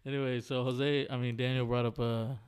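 A man's voice: medium pitch, little pitch movement, brisk, a little mellow, smooth. A man co-hosting a podcast in casual chat, joking and teasing with frequent laughs. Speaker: podcast co-host.

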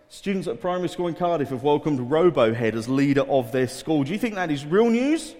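Man, teacher, addressing schoolchildren, upbeat and coaxing, fairly high voice, hall reverb. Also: lively intonation, brisk, hardly any pauses, darkish tone. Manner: upbeat, coaxing, reads headlines aloud. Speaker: teacher leading a school assembly quiz. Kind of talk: addressing a room of children.

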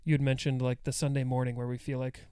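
Smooth-voiced easygoing pastor. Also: male voice, medium pitch, flat delivery, quick pace, mellow, no echo. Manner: easygoing, affirming interjections. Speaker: pastor and podcast co-host. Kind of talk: conversational podcast chat.

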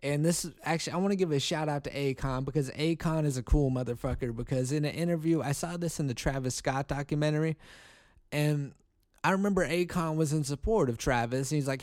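A man's voice: a little high, brisk, darkish tone, no room sound. Angry, profane male podcast ranter. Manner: heated, profane, ranting with many restarts. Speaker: podcast host. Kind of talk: solo podcast commentary.

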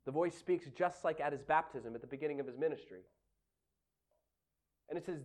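A male pastor giving a sermon in an animated, conversational way, laughing often. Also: a little high, a little fast, long pauses.

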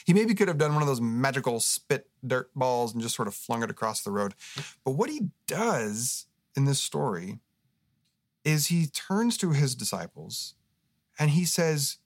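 A man's voice: medium pitch, unhurried, no echo, studio quality. Earnest man telling a story. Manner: earnest storyteller, animated retelling. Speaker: guest, co-pastor and author. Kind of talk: casual interview talk.

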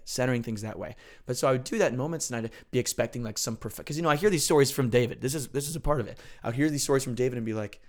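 An earnest man talks through a faith lesson in a relaxed, conversational way, pausing now and then to check that the listener is following. His voice sits at an ordinary middle pitch. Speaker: podcast host teaching on faith. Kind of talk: casual teaching talk.

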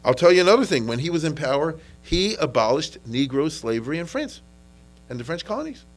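A man's voice: on the high side, very animated, brisk, soft background music, poor audio. A man giving an informal history lecture, conversational and often checking in with listeners, mixing in Yiddish and Hebrew terms.

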